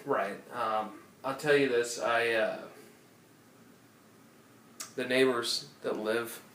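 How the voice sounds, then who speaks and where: A man's voice: medium pitch, fairly even intonation, slow, a bit bright, far from the mic, a little hiss or hum. A man co-hosting a casual podcast, telling a rambling, profane anecdote full of restarts, recorded in an apartment room. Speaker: podcast co-host. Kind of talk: casual chat, storytelling. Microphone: phone or tablet recording. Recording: roomy audio from off-mic.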